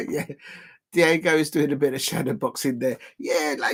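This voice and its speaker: A man hosting a live football watch-along stream, rambling and excitable, full of fillers and repeats. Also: a little high, normal speed.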